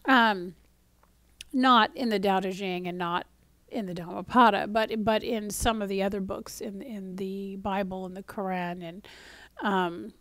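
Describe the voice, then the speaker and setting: A spiritual teacher gives a casual spoken teaching to camera in a mid-range voice with no room sound. She is conversational, full of fillers and restarts, and sometimes drops to a near-whisper for emphasis. When acting out a frustrated reader, she takes on a mock-exasperated voice.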